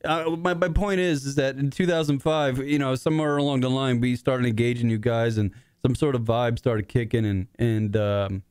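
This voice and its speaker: A man's voice: medium pitch, fairly even intonation, normal speed, hardly any pauses, a little mellow, smooth. A middle-aged man hosts a talk show, rambling with heavy swearing. His voice cracks with emotion as he speaks. The sound is dry and close, with no room echo. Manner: rambling, profane, choked up. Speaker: podcast host. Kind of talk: emotional casual monologue.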